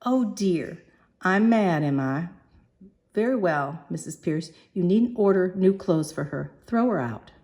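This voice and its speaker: A woman's voice: lowish voice, expressive, measured pace, a little mellow. A woman voicing a pompous, bossy male professor who talks in a brusque, lofty manner.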